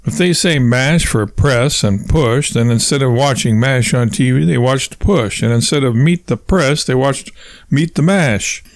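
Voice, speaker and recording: A man voicing an unimpressed wife who answers flatly and sarcastically. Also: medium pitch, measured pace, dry recording, clean studio sound, lightly acted. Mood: deadpan. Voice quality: flat, sarcastic delivery. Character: dry, flat, sarcastic wife.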